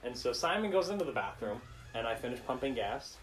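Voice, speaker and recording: A man's voice: medium pitch, fast talker, heavy background noise. A young man chatting casually with friends, telling a funny story with lots of laughter. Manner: animated storyteller, often laughing. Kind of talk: casual chat among friends.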